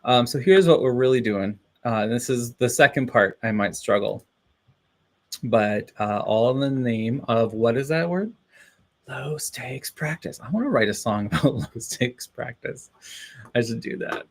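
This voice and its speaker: A man's voice: medium pitch, measured pace. A man chatting casually on a live stream, rambling and cheering himself on with frequent laughs. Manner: rambling, self-encouraging, laughs often.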